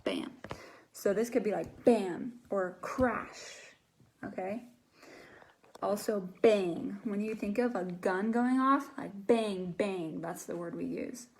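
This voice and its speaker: Slow, patient woman teaching English. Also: mid-range voice, creaky, darkish tone, slightly rough. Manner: slow, patient, demonstrates sounds aloud. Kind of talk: live online English lesson.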